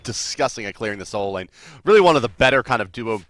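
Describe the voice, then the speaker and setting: A man casting an esports match, energetic and chatty, laughing often. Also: lowish voice, fast, dry recording. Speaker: esports caster. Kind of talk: play-by-play commentary.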